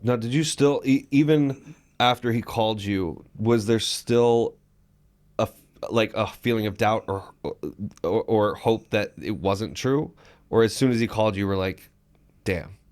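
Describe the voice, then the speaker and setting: Man, interview host, low voice, curious, hesitant restarts. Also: a little slow, a little mellow. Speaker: podcast host. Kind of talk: casual interview.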